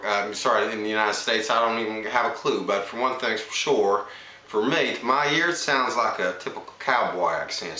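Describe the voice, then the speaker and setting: An actor talks casually to camera in an accent showreel monologue, hopping through a string of different English accents with a chatty, self-assured manner. His voice is mid-range with a sharp tone, in an echoey room.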